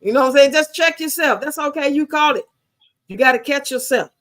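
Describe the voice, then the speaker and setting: Blunt, bright-voiced woman in her fifties. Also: high-pitched, brisk. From United States. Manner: blunt, profane, emphatic storytelling. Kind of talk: casual chat.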